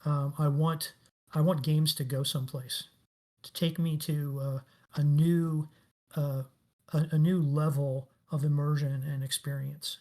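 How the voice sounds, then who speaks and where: A man's voice: a little high, level tone, unhurried, warm tone. A middle-aged man talking as a guest in a casual interview, telling stories enthusiastically and with emphasis. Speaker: guest, game industry veteran.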